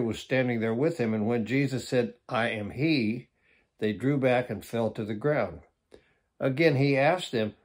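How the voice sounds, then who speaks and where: An older man in his seventies, originally from Arizona, teaching scripture in a homespun sermon. His voice sits at an average pitch, and he talks plainly and conversationally, leaning on the phrases he wants to stress. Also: husky. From Arizona, USA. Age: 70s. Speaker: preacher.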